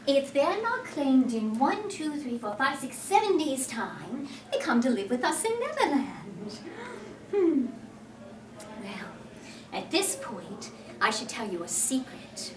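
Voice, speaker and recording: A woman giving a one-woman storytelling performance in character, playful and animated, speaking straight to her listeners, recorded from a distance in a roomy hall. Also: high-pitched, slow pace, crowd noise.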